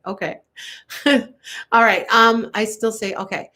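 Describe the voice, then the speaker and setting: A woman's voice: a little high, moderate pace, a bit bright. A woman tarot reader from the Chicago area, talking casually to viewers on a live stream, rambling and correcting herself as she goes. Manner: rambling, chatty, frequent self-corrections.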